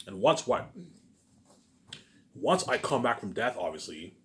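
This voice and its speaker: Unhurried and a bit bright, this man's fairly low voice swings widely in pitch as he boasts. He rambles and repeats himself in a ranting monologue, attaching "obviously" and "you know what I'm saying" to every sentence.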